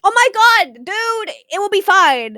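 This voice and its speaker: A woman's voice: very high-pitched, sing-song, a little slow, over music. A young woman reacting to a show in casual, emotional commentary, often gasping and laughing. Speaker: reaction video host.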